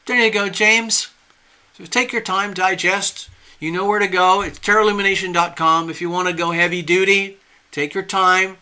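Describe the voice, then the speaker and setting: A man's voice: sits high, steady tone, normal speed, bright, forceful tone, clear, resonant tone. A man giving a tarot reading on a live stream, earnest and reassuring, often checking in with the listener. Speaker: tarot reader.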